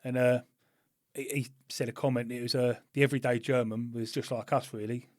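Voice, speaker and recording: A man's voice: mid-range voice, level tone, brisk, darkish tone, no echo. Laid-back English man, dry close sound. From England. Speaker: podcast co-host. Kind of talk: casual chat.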